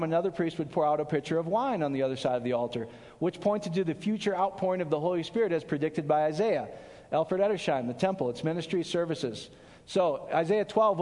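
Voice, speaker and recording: High-pitched guy preaching, chatty and animated, joking around, lots of hall echo. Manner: animated, conversational, jokes and asides. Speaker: pastor. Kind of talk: casual sermon to a small group. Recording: long hall reverb.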